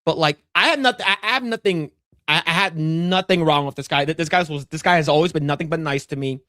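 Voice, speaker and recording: A man's voice: fairly high pitch, quick pace, bright, forceful tone, no room sound, studio quality. A man co-hosting a livestream, telling a long story in loose, profane chat full of restarts and stammers. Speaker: podcast co-host.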